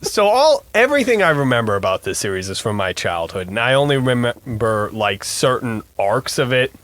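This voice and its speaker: A man's voice: mid-range voice, big pitch swings, moderate pace, a bit bright. A young man co-hosting a podcast in crude, laughing casual chat. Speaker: podcast co-host.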